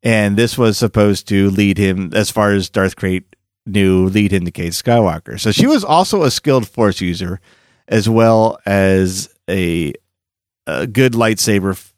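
A man's voice: on the low side, unhurried, no echo, studio quality. A man hosting a podcast, recapping comic lore in a chatty storytelling way with jokey asides. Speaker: podcast host.

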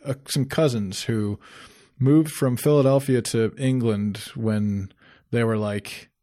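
A man's voice: medium pitch, takes it slowly, dark tone. A man co-hosting a podcast, chatting in an easygoing, agreeable way. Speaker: podcast co-host. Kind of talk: casual chat.

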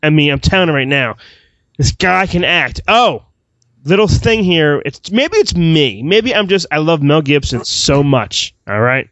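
A man's voice: fairly high pitch, big pitch swings, unhurried, fairly bright tone, no echo. A man co-hosting a movie review podcast, talking in an emphatic, gushing way in casual chat. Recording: dry, dull lo-fi audio.

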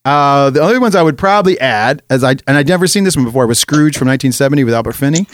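A man co-hosting a casual podcast chat, animated and acting out movie moments as he talks. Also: medium pitch, racing, no room sound, clean studio sound. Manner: animated, acts out movie scenes with voices. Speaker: podcast co-host.

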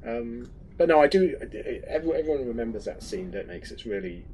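A podcast co-host who rambles and cracks jokes in casual chat. His voice sits at a middle pitch. A faint hiss runs underneath. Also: very animated, fast talker, a little mellow, rough recording. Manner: jokey, rambling, playful asides.

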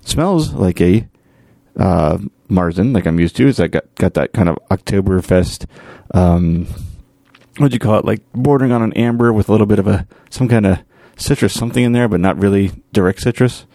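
Low-voiced man giving a homebrew update. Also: moderate pace, gravelly, warm tone, dry recording, studio quality. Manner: rambling, thinking aloud. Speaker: podcast host, home brewer. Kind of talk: casual spoken update.

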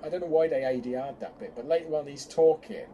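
A man's voice: on the high side, quick pace, dull audio, a little hiss or hum. A man co-hosting a casual fan chat, talking in bursts with lots of restarts. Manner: chatty, hesitant restarts, animated bursts. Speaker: podcast co-host.

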